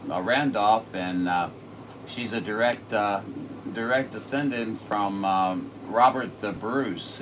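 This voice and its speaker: Low-voiced rambling man. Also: fairly bright tone. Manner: rambling, filler-heavy, folksy. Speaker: radio operator. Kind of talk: casual chat. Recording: distant mic with noisy room.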